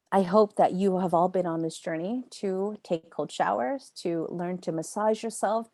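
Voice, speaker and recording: A woman's voice: lowish voice, a little mellow. A woman teaching a live online yoga training class. She talks in an emphatic, chatty way, repeats phrases for effect and answers students' typed questions by name.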